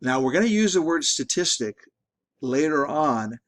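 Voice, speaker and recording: A man's voice: a little high, lively intonation, moderate pace. A middle-aged man teaching a statistics class in a conversational lecture, often repeating and restarting words. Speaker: statistics instructor. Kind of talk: recorded lecture.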